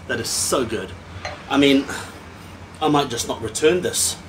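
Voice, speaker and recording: A man's voice: medium pitch, lively intonation, moderate pace, background noise. A man reviewing a whisky in a casual vlog. He is a little tipsy, and he rants animatedly and swears freely between tasting notes.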